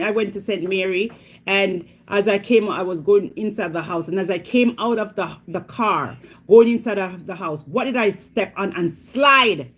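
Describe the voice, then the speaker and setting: A woman's voice: medium pitch, normal speed. A middle-aged woman from Jamaica with a Jamaican accent, vlogging in a casual, dramatic storytelling chat. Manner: animated, dramatic, exclamatory storytelling.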